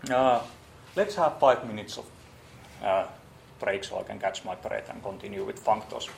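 Guy teaching a coding class, gravelly voice, lots of uh's, faint hiss and keyboard clicks behind. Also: fairly low pitch, moderate pace. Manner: thinking aloud with many fillers and restarts. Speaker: lecturer. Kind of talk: live programming lecture.

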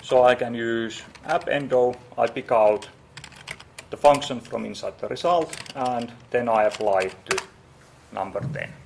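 A man's voice: medium pitch, unhurried, gravelly, darkish tone, a little hiss or hum. A man lecturing on programming, typing as he explains and thinking aloud with many fillers and restarts.

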